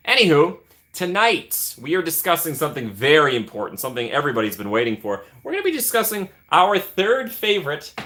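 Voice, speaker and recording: Lively, bright-voiced Midwestern American man. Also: a little high. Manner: playful, chatty, reads and answers chat. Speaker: livestream host. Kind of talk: casual chat with live viewers.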